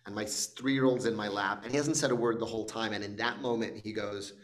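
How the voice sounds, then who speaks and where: A man, a film director, answering interview questions in a reflective, thinking-aloud way, with many pauses and laughs. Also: lowish voice, steady tone. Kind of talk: casual interview chat.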